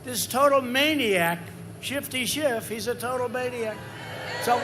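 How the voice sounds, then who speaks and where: High-pitched rambling older man at a rally. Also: a little slow, crowd noise, noisy background. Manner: repetitive, rambling, swings to loud emphasis. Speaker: politician at a rally. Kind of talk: campaign rally speech. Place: large campaign rally.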